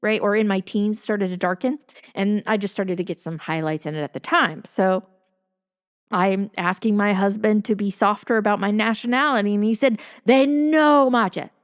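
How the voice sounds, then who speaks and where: Middle-aged woman narrating her own life story, conversational and amused, medium pitch. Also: steady tone, moderate pace. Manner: amused, chuckling often while telling; conversational with self-corrections and asides. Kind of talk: casual personal storytelling.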